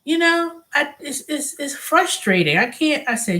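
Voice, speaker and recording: Here the middle-aged vlog host speaks at a measured pace in a high-pitched voice. She vents with animation, mimics quoted voices, and keeps restarting and repeating her sentences.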